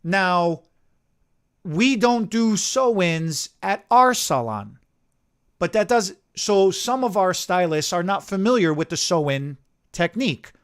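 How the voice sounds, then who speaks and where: A man who owns a hair salon, telling a lively story in casual chat and acting out the people in it. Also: high voice, slow pace, smooth. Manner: animated anecdote telling, acting out quotes. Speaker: salon owner and stylist.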